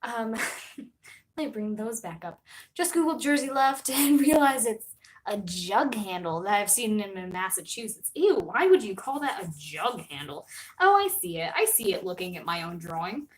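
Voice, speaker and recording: A young woman streamer telling a story in casual live-stream chat, animated, swinging between loud outbursts and soft asides. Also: mid-range voice, moderate pace, poor audio.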